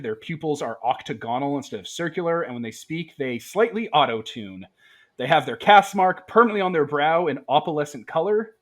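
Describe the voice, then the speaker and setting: A man playing a tabletop game who chats casually and helps organize the group. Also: on the high side. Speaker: player.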